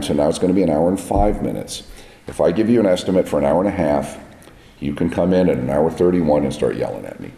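A man, a film makeup artist, talking casually about work on set in a raspy voice, blunt and full of set stories. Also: very deep voice, mellow, roomy sound, in a large hall. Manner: plain-spoken, blunt, tells set stories. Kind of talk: casual interview chat. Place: large echoey room at a trade event.

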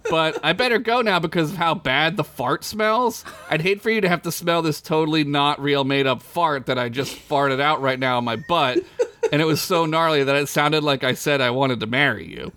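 A man's voice: a little high, normal speed, sharp tone. A man voicing an eager, flustered young boy creature in a comedy story.

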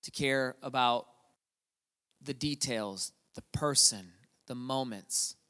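A middle-aged man preaching a sermon as a pastor, telling stories and swinging from quiet asides to loud repetition. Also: mid-range voice, slow. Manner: storytelling, swings from quiet to shouting. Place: church hall. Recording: long hall reverb.

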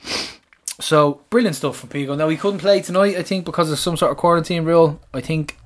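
A man co-hosting a casual football podcast, excitable and swearing freely. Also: a little high, brisk. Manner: excitable, swearing, laughs often. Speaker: podcast co-host.

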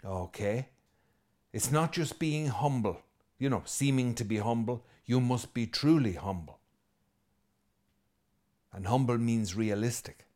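Irish priest preaching a lively sermon. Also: male voice, mid-range voice, measured pace, long pauses. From Ireland. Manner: lively and conversational, with asides and jokes; emphatic, repeating key phrases.

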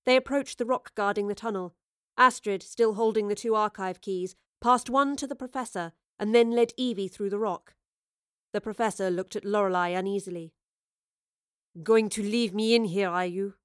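A woman reads fantasy prose aloud with a steady, expressive storyteller's delivery, her voice in the middle of the usual pitch range. The recording is dry and close, with no room sound. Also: normal speed, clear, resonant tone, no echo. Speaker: audiobook narrator. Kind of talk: scripted narration.

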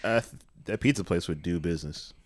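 A man's voice: low-pitched, brisk, no echo. A man from the Bay Area, co-hosting a casual comedic chat with dry, wry quips. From San Francisco Bay Area. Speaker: podcast co-host.

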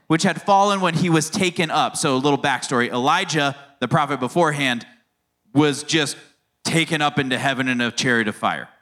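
A man in his thirties delivers a relaxed sermon, chatting with his listeners and drifting into playful family anecdotes. His voice sits a little high and rings bright and forward. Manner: storytelling, conversational, playful asides. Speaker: youth pastor. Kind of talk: casual sermon.

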